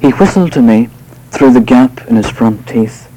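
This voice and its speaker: A man giving a live poetry reading to an audience, delivering verse in a measured, unhurried way with hesitant spoken asides between poems. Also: mid-range voice, expressive, mellow, rough recording. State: voice slightly off tonight.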